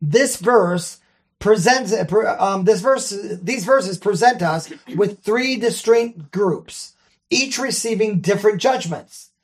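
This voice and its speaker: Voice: medium pitch, slow. Bible study teacher, careful, methodical, explains grammar, reads scripture aloud, checks in with the group. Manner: checks in with listeners often.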